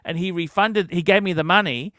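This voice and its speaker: A man's voice: sits high, brisk, sharp tone, no room sound, clean studio sound. A man hosting a livestream, telling a heated, profane story in a ranting chat. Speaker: livestream host.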